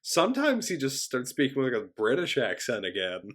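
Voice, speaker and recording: A man's voice: mid-range voice, wildly swooping pitch, fairly quick, a bit bright. A man co-hosting a podcast, chatting casually about a film, laid-back and agreeable with an amused edge. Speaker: podcast co-host. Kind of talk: casual film review chat.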